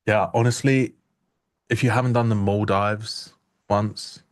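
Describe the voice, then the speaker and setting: Young male stream co-host, lowish voice, rambling jokey banter. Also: steady tone, a little slow. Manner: joking, rambling, self-interrupting. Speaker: livestream trading co-host. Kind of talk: casual live-stream chat.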